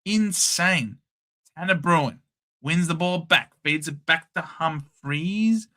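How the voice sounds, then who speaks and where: A young Australian man hosting a casual live watchalong, calling the play in a chatty, excitable and blunt way. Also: on the high side, takes it slowly. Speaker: host. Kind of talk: casual live match commentary.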